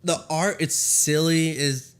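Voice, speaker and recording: Young male co-host, a bit higher pitch, loose and cussing, retells scenes in voices. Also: fairly even intonation, slow pace, clean tone. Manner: profane, rambling, acts out scenes in voices. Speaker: podcast co-host. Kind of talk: casual comic book review chat.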